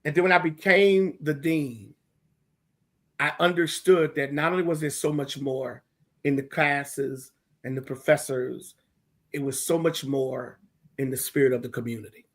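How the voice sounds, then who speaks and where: An older man who is dean of a theology school, telling stories to graduating students in an emphatic, animated and humorous way. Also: fairly high pitch, a little slow. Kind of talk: conversational remarks to graduates.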